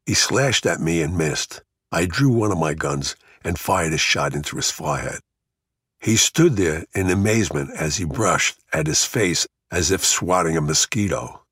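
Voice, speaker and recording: Gruff deep-voiced New man narrating. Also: fairly bright tone, no echo, studio quality. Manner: gritty, blunt storytelling with profanity. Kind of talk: first-person memoir narration.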